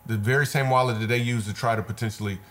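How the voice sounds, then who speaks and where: A man's voice: mid-range voice, fairly even intonation, very fast, fairly bright tone. A man, a comedian guest, telling a personal story in an earnest, repetitive, vivid way. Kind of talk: conversational storytelling.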